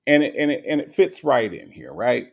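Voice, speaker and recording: A man's voice: medium pitch, sing-song, normal speed, gravelly. A man hosting a live stream, talking to his chat in an emphatic, sarcastic, repetitive rant. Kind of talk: casual commentary to chat.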